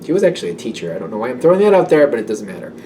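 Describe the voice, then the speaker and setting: A man's voice: mid-range voice, big pitch swings, rapid-fire, mellow, recorded from a distance, slight background noise. A man giving a casual tarot reading, rambling and self-doubting, with many fillers. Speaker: tarot reader.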